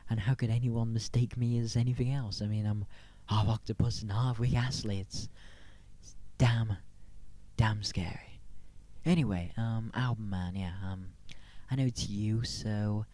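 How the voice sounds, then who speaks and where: A man playing a creepy half-octopus stalker in a comic sketch, talking in a dry, deadpan, mock-sinister way. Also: lowish voice, normal speed, natural voice.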